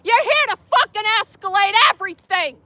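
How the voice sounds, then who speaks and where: High, bright-voiced heckling woman outdoors. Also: expressive, fairly quick, dry recording. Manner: profane, heckling and sarcastic. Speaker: street activist filming police. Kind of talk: confrontational street filming. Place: outdoors on a city street.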